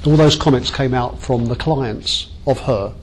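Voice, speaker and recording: A man's voice: mid-range voice, unhurried, slight background noise, rough recording. A man leading a workshop training session, chatty and self-mocking as he jokes with the group.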